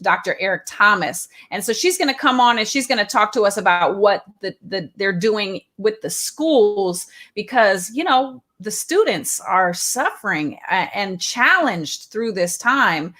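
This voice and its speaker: A woman from California co-hosts a live online talk show. Her voice is bright and forceful, and she talks in a chatty, loose way, filling pauses with ums and uhs. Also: medium pitch, animated. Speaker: co-host.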